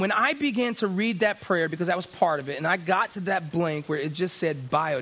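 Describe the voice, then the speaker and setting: A middle-aged male pastor with a slightly high-pitched voice, preaching in a loose, conversational storytelling way. He restarts phrases often and leans into his points with growing emphasis. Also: lively intonation, brisk, hardly any pauses, a bit bright. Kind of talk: sermon.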